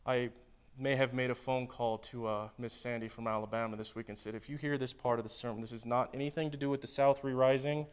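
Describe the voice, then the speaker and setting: A man preaching a sermon, swinging between loud dramatic readings and quiet joking asides to the congregation. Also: mid-range voice, steady tone, a little fast, smooth.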